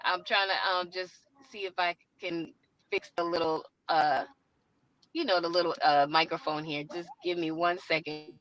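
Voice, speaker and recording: Speaking as a guest over a remote call microphone, a credit repair company co-founder keeps things chatty and apologetic, addressing others as "love" and "sweetheart." Her voice is fairly low and a bit bright, with fairly even intonation and a moderate pace, and the recording is rough.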